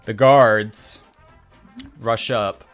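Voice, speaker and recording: A man running a tabletop game as game master, narrating in a relaxed, chatty way. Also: on the low side, extremely slow, soft background music.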